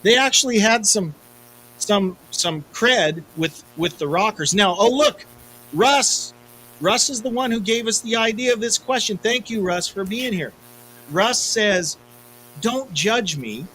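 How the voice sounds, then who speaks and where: A man in his fifties chats easily as a podcast co-host, spinning self-deprecating stories. His voice sits a little high. A faint hum runs underneath. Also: unhurried, pushed and bright, low-quality recording. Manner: chatty storyteller, self-deprecating. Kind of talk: casual chat.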